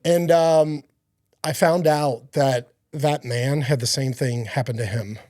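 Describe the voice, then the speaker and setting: A man appears as a podcast guest, offering an earnest, meandering testimony about his faith, full of fillers and restarts. His mid-range voice is warm and steady, he speaks slowly, and the studio sound is clean with no echo.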